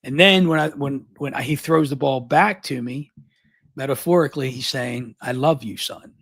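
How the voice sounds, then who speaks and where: A middle-aged man from Baltimore, a guest on a live interview, telling a long story at high speed, often repeating words and restarting. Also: creaky, husky, dry recording. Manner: fast, energetic, long-winded storytelling.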